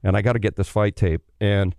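A middle-aged man from Canada, a former pro hockey player, telling stories in a casual, animated way, swearing freely and acting out the people he quotes. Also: fairly low pitch, a little fast, vocal fry, clean tone, no echo. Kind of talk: casual storytelling.

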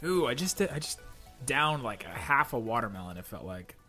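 A young man, co-hosting a casual podcast and telling a story in an animated way with frequent laughs. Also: medium pitch, fairly quick, soft background music. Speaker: podcast host.

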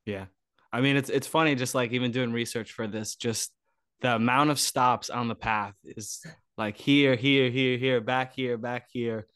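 A man's voice: medium pitch, steady tone, moderate pace, a bit bright, smooth, no echo, clean studio sound. A man from the United States hosting an interview, friendly and chatty, asking long rambling questions. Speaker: host. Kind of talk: casual interview chat.

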